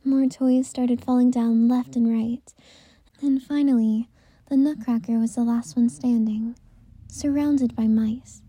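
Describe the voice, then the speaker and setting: A woman narrating a bedtime story in a gentle, unhurried way, at times dropping into a whisper. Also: on the high side, fairly even intonation, husky, dry recording.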